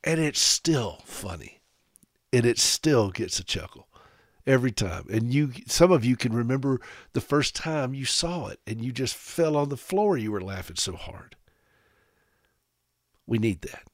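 A man from South Carolina hosting a radio talk show, speaking straight to his listeners with sarcastic, animated humor. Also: mid-range voice, unhurried, no room sound, studio quality. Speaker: radio host.

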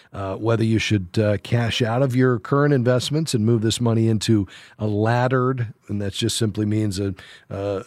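A man's voice: on the low side, a little mellow, dry recording, studio quality. A man hosting a call-in radio advice show, friendly and reassuring, explaining things step by step to callers.

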